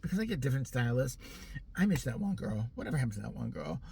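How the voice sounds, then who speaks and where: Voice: medium pitch, sing-song, fast, creaky, warm tone, a little hiss or hum. A vlogger in their forties ranting comically, sarcastic and profane, often laughing. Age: 40s. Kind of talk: comic rant.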